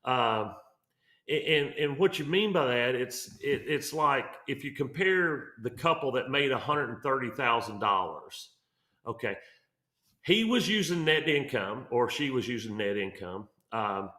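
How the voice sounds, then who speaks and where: A man's voice: mid-range voice, lively intonation, a little slow, sharp tone, echoey room. A man talking through mortgage numbers on a real estate show, rambling with lots of fillers and restarts. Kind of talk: casual podcast explainer.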